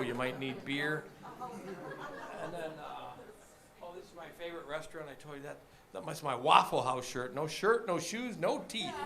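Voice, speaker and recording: A man's voice: a little high, creaky. A man doing a stand-up comedy set on a club stage, chatting with the crowd between punchlines. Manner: joke-telling with punchlines, chatty asides to the crowd.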